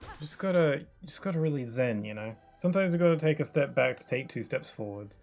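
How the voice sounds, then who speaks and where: A male streamer talks over his gameplay in a middle-pitched voice, swinging between theatrical griping and mock serenity. Game music plays clearly behind him. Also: expressive, brisk, a little mellow. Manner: jokey, mock-dramatic, self-mocking. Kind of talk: live gameplay commentary.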